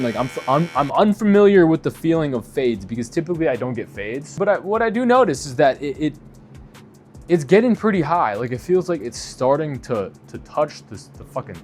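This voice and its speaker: A young man telling a story in a casual, profane, exasperated way, as a vlogger. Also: medium pitch.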